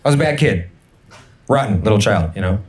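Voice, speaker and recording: A young man doing an energetic, absurd stand-up set in a comedy club, slipping into put-on voices for the people he quotes. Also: fairly low pitch, fairly quick. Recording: live club set with a laughing crowd.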